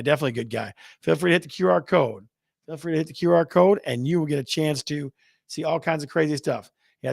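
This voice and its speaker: This man hosts a casual real estate livestream, reading the chat aloud, counting down contests, and keeping things playful. His voice is a little high with vocal fry, recorded dry with clean studio sound.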